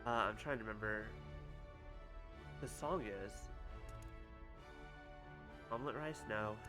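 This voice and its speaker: A man's voice: on the low side, slow, over music. A young man giving sarcastic, chatty commentary while playing a video game. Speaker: let's play streamer. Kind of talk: casual gameplay commentary.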